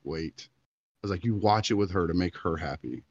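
A man's voice: deep voice, a little fast, a little mellow, dry recording, highs cut off. A man in his thirties, a podcast co-host, telling a long story in casual chat and acting out the quotes.

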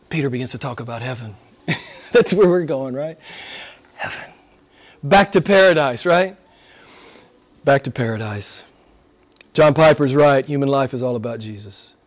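A man preaching a sermon with passion, asking the same questions again and again, swinging from loud exclamations to hushed near-whispers. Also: mid-range voice, measured pace, pauses often. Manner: repeats rhetorical questions. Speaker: pastor.

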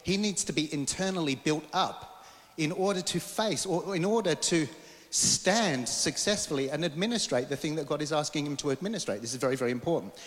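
A male preacher giving an animated sermon to a congregation and getting them to repeat words back. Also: fairly high pitch, brisk, big-room sound. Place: church hall.

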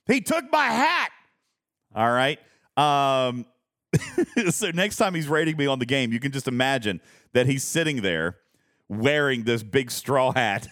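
Lively rambling man streaming to chat. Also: mid-range voice, dry recording, studio quality. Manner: rambling, laughs often, reads chat aloud. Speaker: streamer host. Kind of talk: casual live-stream chat.

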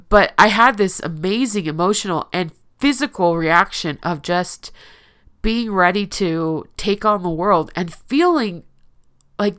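Smooth-voiced woman, earnest confessional talk. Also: medium pitch, fairly bright tone. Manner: earnest, emotional, self-correcting restarts. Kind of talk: confessional personal monologue.

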